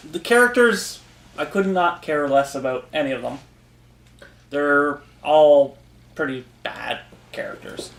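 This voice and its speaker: A man's voice: a little high, vocal fry, fairly bright tone, slight background noise. A man co-hosting a podcast, chatting casually about comics in an easygoing way and chuckling often. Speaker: podcast co-host. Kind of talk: casual comic review chat. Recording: roomy echo.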